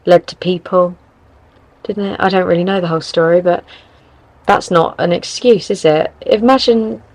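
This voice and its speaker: A woman's voice: lowish voice, dry recording, low-quality recording. A young woman hosting a podcast, chatting casually as she gives relationship advice, rambling and correcting herself as she goes. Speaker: podcast host.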